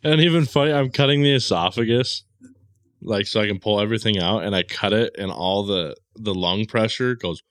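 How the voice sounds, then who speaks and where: A man's voice: fairly low pitch, brisk, a bit bright, no echo, studio quality. A man in casual podcast chat, chiming in with blunt joking remarks.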